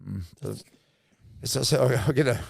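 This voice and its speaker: A man's voice: mid-range voice, normal speed, gravelly, darkish tone, husky, no room sound, studio quality. A middle-aged Australian man, once a rugby league player, telling emotional stories in a rambling, heartfelt way as a podcast guest. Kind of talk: emotional storytelling in casual chat.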